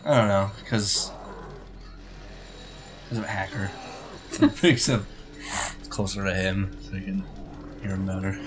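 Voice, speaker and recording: A man's voice: sits low, measured pace, pauses often, noisy background. A man co-hosting a let's play, chatting casually, laughing often and swearing freely as he reacts to the game. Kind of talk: casual gaming banter.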